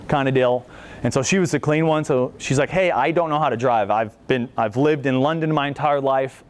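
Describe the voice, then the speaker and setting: A man in his thirties, a veteran speaker telling a casual, joking story to an audience and acting out the quotes. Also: medium pitch. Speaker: veteran speaker at a library talk. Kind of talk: storytelling presentation.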